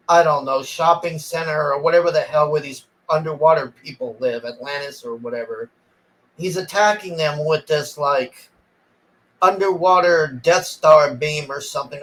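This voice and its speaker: A man's voice: on the high side, fairly bright tone, poor audio. A man ranting casually and sarcastically about a movie he disliked, exasperated and swearing freely. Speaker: movie reviewer.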